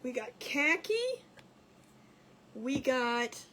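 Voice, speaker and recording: A woman's voice: high voice, extremely slow, sharp tone, slight background noise. A woman hosting a live crafting stream, chatting casually and giggling as she reads viewer comments aloud. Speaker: craft livestream host.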